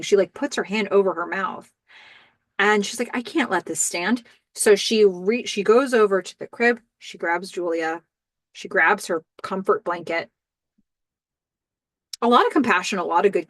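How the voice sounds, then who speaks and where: A woman's voice: mid-range voice, a bit bright, no echo. A woman hosting a podcast, recapping a TV episode in a casual, descriptive and reflective way. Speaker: podcast host.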